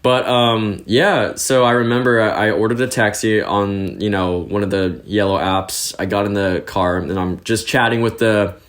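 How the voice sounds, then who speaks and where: A young man from California with a fairly low voice chats as an interview guest. He tells his stories in an animated, rambling way, leaning on "like" and "you know". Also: normal speed, few pauses. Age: young adult. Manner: chatty, animated storyteller full of fillers. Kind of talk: casual interview storytelling.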